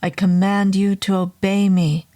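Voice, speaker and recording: A woman voicing a calm, commanding male medicine man who speaks low, steady and urgent. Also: measured pace, close to an everyday voice.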